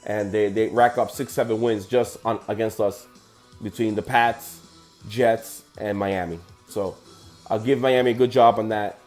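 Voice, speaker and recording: A man's voice: lowish voice, steady tone, a little slow, a little mellow, soft background music. A man hosting a sports podcast, ranting heatedly and profanely about football results.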